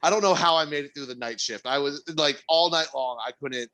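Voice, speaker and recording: A male podcast co-host with a fairly high pitch talks fairly quickly through an annoying work story. The chat is casual, yet he's plainly exasperated, swearing freely, his voice jumping in disbelief and nearly becoming a shout.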